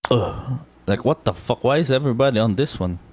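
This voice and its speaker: A man's voice: medium pitch, expressive, brisk. A man streaming live, chatting casually and thinking aloud, swearing freely and filling his talk with "like".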